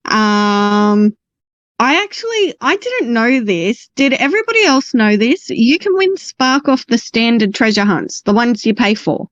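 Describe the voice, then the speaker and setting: A woman from around Sydney with an Australian accent, chatting casually and filling pauses with um and like. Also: fairly high pitch, sing-song, dry recording. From Sydney area, Australia. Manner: chatty, lots of um and like. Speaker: guest player. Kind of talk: casual chat. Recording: dull lo-fi voice chat audio.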